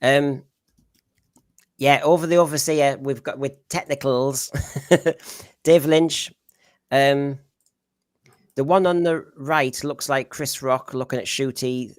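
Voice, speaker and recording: A man's voice: mid-range voice, no room sound, clean studio sound. A man with a Middlesbrough accent hosting a casual live panel chat, rambling as he reads out viewer comments. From Northeast England. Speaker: podcast host.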